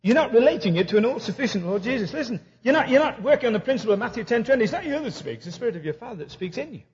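A high-voiced male preacher delivers a humorous sermon in a very lively, swooping voice. He tells stories and acts out both sides of each conversation. The recording is dull and lo-fi. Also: rapid-fire.

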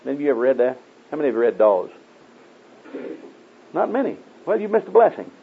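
A man's voice: big pitch swings, fast talker, creaky, husky. A man preaching a sermon in a folksy storytelling way, acting out the people in his stories. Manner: folksy storytelling, acting out voices in raised pitch. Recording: tinny phone-like old tape.

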